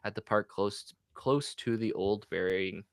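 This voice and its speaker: A man's voice: on the low side, a little slow, vocal fry, no echo. A man co-hosting a podcast, reading ghost stories aloud and stumbling over some words. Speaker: podcast co-host.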